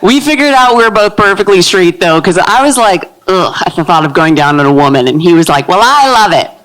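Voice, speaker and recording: Brisk and deadpan, a woman in her thirties with a low, masculine-sounding voice works through a live stand-up set at a comedy club. The audio quality is poor.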